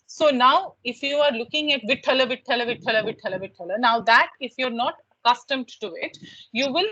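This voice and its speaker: A woman with an Indian English accent lectures her class online and explains each point patiently. She keeps asking questions back to her students. Her voice is bright and slightly high, with a faint hiss in the background. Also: dull audio.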